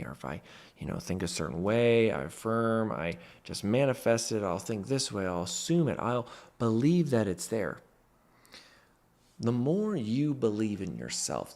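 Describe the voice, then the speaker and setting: A man's voice: lowish voice, darkish tone. A man in a motivational talk to camera, a mentor who speaks emphatically and stresses his points with "freaking".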